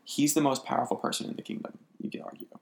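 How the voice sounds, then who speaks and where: Guy co-hosting a podcast, kinda gravelly, gets animated and cusses, laughs a lot. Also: medium pitch, fast talker. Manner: animated, swears casually, laughs often. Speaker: podcast co-host. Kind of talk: casual chat.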